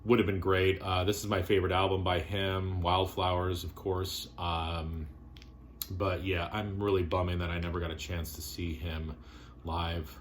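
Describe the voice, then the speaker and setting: A man vlogging casually about his favorite records, relaxed and rambling with lots of fillers. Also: low voice, moderate pace, slight background noise. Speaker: vinyl collector vlogger.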